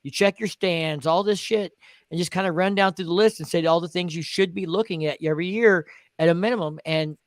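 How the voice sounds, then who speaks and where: A man's voice: sits high, a little fast, no echo. A man who makes motorcycle videos, talking plainly and folksily in a casual group chat.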